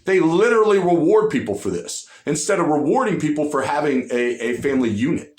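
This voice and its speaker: A man's voice: fairly high pitch, very animated, fairly quick, roomy sound. A man giving blunt, profane political commentary, ranting with emphasis and repeating lines for punch.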